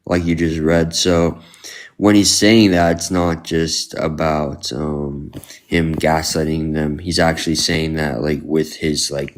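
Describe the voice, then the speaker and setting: A man on a live stream, defending his faith hesitantly with frequent pauses and restarts. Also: rumbling low. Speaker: believer guest on live stream. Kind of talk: casual live-stream debate.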